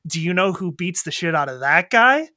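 A man in casual chat who animatedly retells a video game story. He swears freely and acts out the characters in quick quoted lines. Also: fairly high pitch, sharp tone, no room sound, studio quality.

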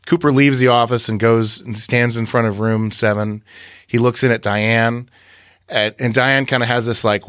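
A man's voice: mid-range voice, fairly even intonation, normal speed, fairly bright tone, dry recording, clean studio sound. A man co-hosting a podcast, recapping and analyzing scenes in a meandering, self-correcting way. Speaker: podcast co-host. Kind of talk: casual podcast discussion.

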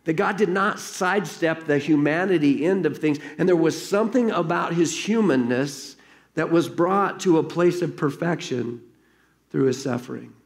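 A man's voice: fairly high pitch, normal speed. A man preaching a sermon as pastor, earnest and conversational, reading a story aloud to his congregation.

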